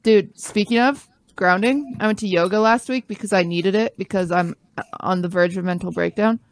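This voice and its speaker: A woman's voice: mid-range voice, normal speed, no room sound, soft background music. A young woman in her twenties co-hosting a podcast in casual chat, blunt and self-mocking, swearing often. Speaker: podcast co-host. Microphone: headphones and studio mic.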